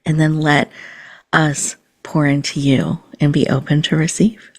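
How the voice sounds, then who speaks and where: A woman podcast host leading a guided mindfulness meditation in a slow, soothing, inviting way. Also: low-pitched, little pitch movement.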